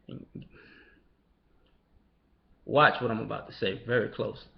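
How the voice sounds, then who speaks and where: A man's voice: mid-range voice, normal speed, vocal fry, pauses often. A man giving a casual, blunt, profane monologue, sometimes mocking others in put-on voices. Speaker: commentator. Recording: dull lo-fi recording.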